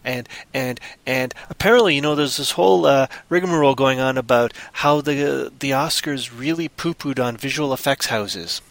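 Man, casual chat, rambling and jokey, bright forceful voice, dry close sound. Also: mid-range voice, normal speed, gravelly, hardly any pauses, dry recording.

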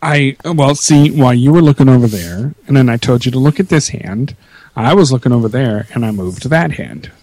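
A man's voice: mid-range voice, lively intonation, moderate pace, a little mellow, dry recording. A man co-hosting a show in casual chat, easygoing and laughing along. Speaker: podcast co-host.

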